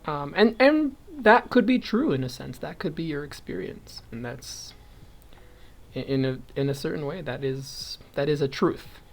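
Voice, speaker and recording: Slightly slow but animated, this young vlogger's voice leans high. He crochets during a casual chat, thinking aloud about his stitch count, wandering onto tangents, and laughing lightly many times.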